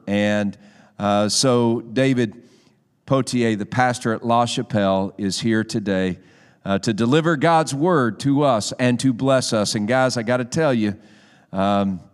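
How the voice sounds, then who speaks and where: Earnest pastor, smooth resonant voice. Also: male voice, lowish voice. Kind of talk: sermon introduction. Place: church sanctuary. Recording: long church hall reverb.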